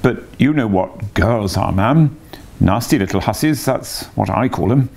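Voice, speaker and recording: A man voicing a boastful male toad disguised as a washerwoman, bragging in an airy falsetto. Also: animated, unhurried, gravelly, a little mellow, heavily acted.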